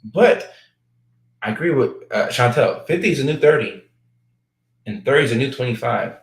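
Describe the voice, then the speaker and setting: Gravelly-voiced man in a roomy space. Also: medium pitch, lively intonation. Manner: playful and joking, drifting into halting, hesitant talk. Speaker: guest on a talk show. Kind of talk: casual chat.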